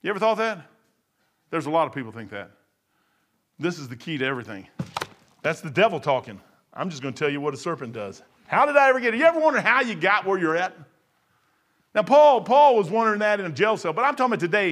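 A man's voice: sits high, big pitch swings, brisk, fairly bright tone. A man preaching an informal sermon in an emphatic, conversational way, often repeating and restarting his words.

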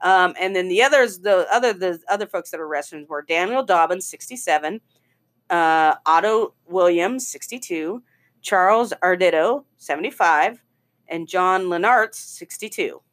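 A woman's voice: lowish voice, normal speed, a bit bright. A woman co-hosting a casual talk show, chatting loosely, laughing and swearing freely. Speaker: podcast co-host. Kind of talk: casual chat.

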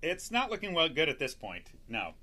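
An older man co-hosting a casual podcast, agreeable and quick to chuckle. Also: fairly high pitch, huge pitch swings, pushed and bright. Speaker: podcast co-host.

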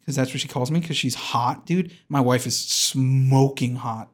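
A man's voice: medium pitch, a little slow, few pauses. A man hosting a podcast, delivering a comedic rant that is rambling and hyperbolic and keeps interrupting and restarting itself. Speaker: podcast host.

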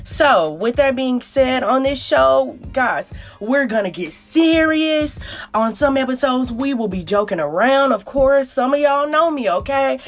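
A woman's voice: high-pitched, animated, unhurried, faint music behind. Playful, chatty woman podcast host. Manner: playful, chatty, talks straight to listeners. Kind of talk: casual chat and story time.

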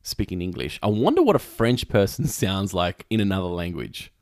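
A man co-hosting a podcast in casual chat, animated and laughing often, with many fillers. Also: lowish voice, normal speed, no room sound, clean studio sound. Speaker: podcast co-host.

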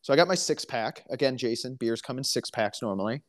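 This podcast co-host, a man from Alabama, has a medium-pitched, expressive voice and talks a little fast. He tells stories in a chatty, dry, joking way during a casual chat.

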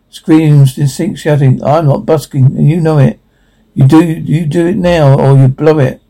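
A man reading out film dialogue and sound captions in one flat voice, taking every character's lines himself. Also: on the high side, normal speed, gravelly, low-quality recording.

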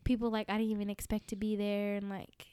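A woman's voice: mid-range voice, little pitch movement, quick pace, mellow, clean tone, no echo. A young woman, a podcast guest, telling a personal story with emotion and lots of fillers. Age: young adult. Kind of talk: casual chat.

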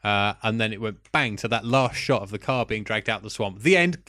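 A man's voice: lowish voice, a little fast, sharp tone, no room sound. Guy hosting a movie podcast, jokey chatty storyteller, dry close sound. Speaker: podcast host. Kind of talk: casual chat.

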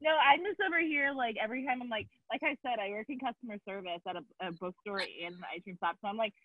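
A young woman co-hosting a casual podcast chat, giggly and quick to laugh. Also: a little high. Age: young adult. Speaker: podcast co-host. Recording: tinny dry phone-like line.

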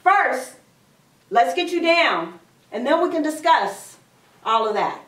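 A woman preacher voicing God as a calm, patient voice in a story. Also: high voice, slow pace, full character voice. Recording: echoey room from a distance.

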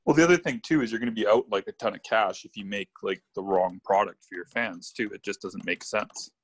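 A man's voice: fairly low pitch, a little fast, breathy edge. A man co-hosting a podcast, making dry, brief remarks. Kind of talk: casual chat.

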